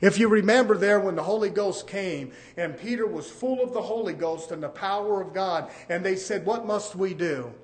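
A man preaching a sermon, swinging from loud to hushed. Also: high-pitched, moderate pace, few pauses.

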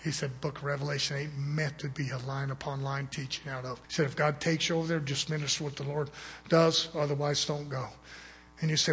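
High-voiced preacher in an echoing hall. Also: male voice, brisk, creaky, husky. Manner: animated storytelling, rising to loud emphatic bursts. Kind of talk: sermon. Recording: long hall reverb.

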